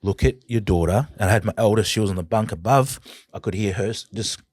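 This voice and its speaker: An Australian man, a podcast guest, telling his personal story in an earnest, halting, emotional way. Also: on the low side, a little mellow, husky, no room sound, clean studio sound.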